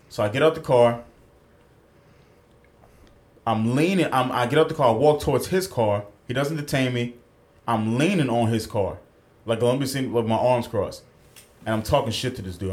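A man's voice: medium pitch, moderate pace, long pauses, darkish tone. A man co-hosting a podcast, telling a story in casual chat, acting out the quotes and swearing freely, at a studio mic. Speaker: podcast co-host.

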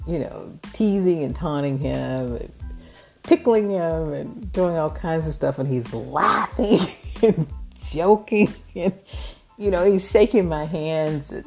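Low-voiced woman telling a gushing story. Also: takes it slowly, vocal fry, soft background music. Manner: gushing, animated retelling with laughs. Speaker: podcast host. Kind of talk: personal storytelling.

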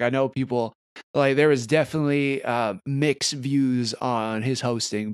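A man's voice: mid-range voice, clean tone, no echo, studio quality. A man hosting a casual podcast, steering the conversation between topics and laughing along with his co-hosts. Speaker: podcast host. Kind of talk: casual chat.

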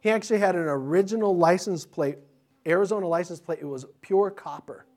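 Speaking a little fast in a voice that sits high, a middle-aged pastor delivers a children's sermon. He tells his stories in an animated, chatty way and frequently starts sentences over.

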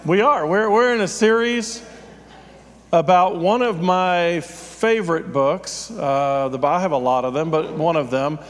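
A man's voice: high voice, unhurried, fairly bright tone, in a large hall. A man, a pastor, giving a conversational, self-deprecating sermon with frequent fillers.

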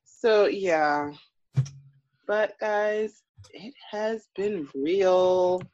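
A woman co-hosting a casual podcast, telling stories in an animated, chatty way. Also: mid-range voice, drawn-out words, no echo, lo-fi sound. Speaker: podcast co-host.

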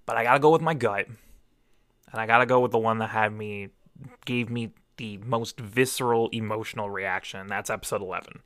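A man with a lowish voice talks in a dry, close setting with no room sound. He speaks fast and with feeling, rushing through his thoughts in excited bursts. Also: no room sound. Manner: emotional, rapid bursts. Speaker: podcast co-host. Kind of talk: casual chat.

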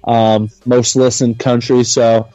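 A man hosting a wrestling podcast in casual chat, giving upbeat shout-outs and show updates. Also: medium pitch, little pitch movement, slow, no echo, faint music behind. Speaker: podcast host. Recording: dry, slightly dull sound.

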